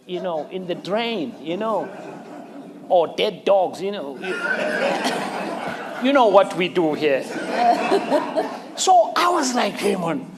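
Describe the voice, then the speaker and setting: A man hosting a conversational interview, telling lively stories and laughing often as he acts out quotes. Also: high voice. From South Africa. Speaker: interview host.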